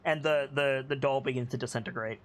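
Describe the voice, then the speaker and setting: A man's voice: medium pitch, steady tone, brisk. A man narrating and running a tabletop game as game master, casual and hesitant with fillers.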